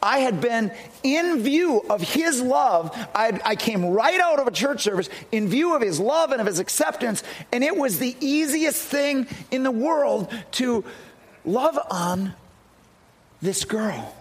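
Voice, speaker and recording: Middle-aged man, pastor, high and husky voice, earnest storytelling sermon delivery. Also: lively intonation, unhurried. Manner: storytelling, earnest, with frequent restarts.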